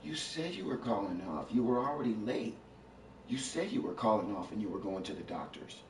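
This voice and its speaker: A deep-voiced man scolding his partner in a heated argument at home, circling back over the same points, swearing and rising to shouts. He is heard from well across the room, and the room rings with echo. A faint hiss runs underneath. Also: lively intonation, fairly quick, vocal fry, distant mic. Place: inside a house.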